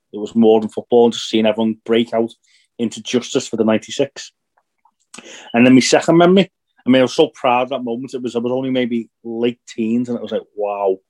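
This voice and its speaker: A young man from Northern Ireland co-hosting a casual podcast, talking in a reflective, halting way as he searches for his words. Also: medium pitch, dark tone. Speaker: podcast co-host.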